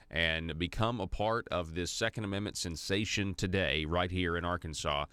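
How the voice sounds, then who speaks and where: Low, crisp-voiced radio host. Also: male voice, sharp tone, no echo. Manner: halting, with many fillers and restarts. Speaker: radio talk show host. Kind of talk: casual radio chat.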